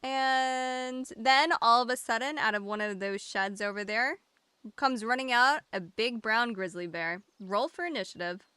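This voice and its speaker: A young woman running a tabletop game as dungeon master, playful and quick with her questions, laughing often. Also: fairly high pitch, sharp tone, clean tone.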